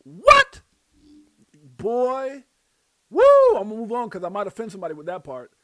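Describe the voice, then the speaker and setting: A man with a Brooklyn accent hosting a casual crypto livestream, reading out motivational quotes and breaking into loud shouts and laughter. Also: high-pitched, expressive, very fast, dry recording. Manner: reads out quotes and preaches motivational sayings.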